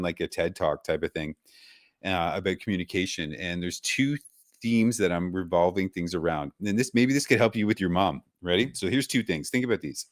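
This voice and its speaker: A man's voice: sits low, no echo, clean studio sound. A man hosting a podcast, talking in casual chat in an earnest, preachy, motivational way. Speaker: podcast host.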